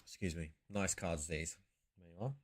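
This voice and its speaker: A man's voice: sits low, fairly even intonation, normal speed. A man hosting a casual live stream, chatting loosely and breaking off mid-sentence to ramble through stories. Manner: rambling, self-interrupting storyteller. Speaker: sports card streamer.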